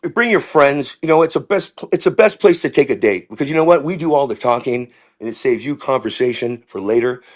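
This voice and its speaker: A middle-aged man, a comedian, telling rambling stories in an animated way and dropping into voices. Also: mid-range voice, fairly quick, few pauses. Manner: rambling, jumps into impressions and character voices. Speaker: comedian guest.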